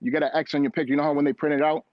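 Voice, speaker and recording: Man, slightly high voice, muffled recording, crowd noise in the back. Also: flat delivery, very fast, no echo. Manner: recounting, with slang asides. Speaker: podcast crew member. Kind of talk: casual chat.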